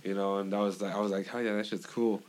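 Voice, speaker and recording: A man's voice: on the low side, quick pace. A young man from Idaho, a podcast guest, telling stories in casual, profane chat and acting out the other people's lines. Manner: animated, profane, acts out quoted dialogue.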